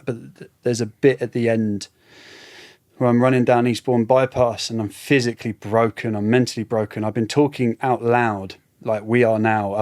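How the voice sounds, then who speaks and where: Reflective man, halting speech. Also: mid-range voice, darkish tone. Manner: reflective, halting, often trailing off. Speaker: podcast guest. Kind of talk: casual conversation.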